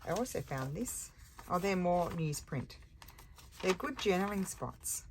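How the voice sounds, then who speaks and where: A woman's voice: lowish voice, animated, measured pace. A woman musing and thinking aloud as she narrates a casual crafting session at her table, correcting herself as she goes. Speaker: crafting vlogger. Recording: clear background noise with crafting clicks.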